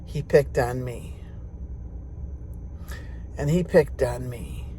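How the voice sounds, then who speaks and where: A woman's voice: extremely low pitch, takes it slowly, dark tone, a little hiss or hum. An older woman telling a personal story in a folksy, chatty way, speaking directly to her viewers from inside a car.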